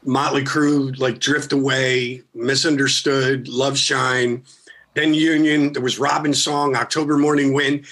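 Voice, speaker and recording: A man's voice: medium pitch, little pitch movement, unhurried, a bit bright. A middle-aged man from Philadelphia, a guest musician telling a rambling, profane story in casual chat. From Philadelphia, USA.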